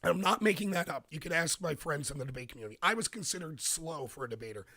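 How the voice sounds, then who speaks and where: A man hosting a live-streamed political commentary show, talking emphatically with bursts of rapid speech and a slightly rough voice. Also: fairly high pitch, expressive, bright, forceful tone, no room sound, clean studio sound.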